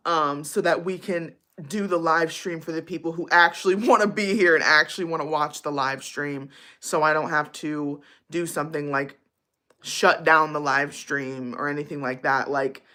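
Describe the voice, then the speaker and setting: A woman's voice: deep voice, a bit bright. A young woman casually chatting with viewers on her livestream, bubbly and giggly, with lots of likes and ums. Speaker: livestream host.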